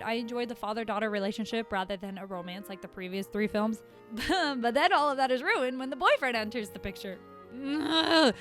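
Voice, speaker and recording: A woman with a high voice gives a casual film review, sarcastic and exasperated, bursting into animated rants. Soft lo-fi beats play faintly behind her. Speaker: movie reviewer.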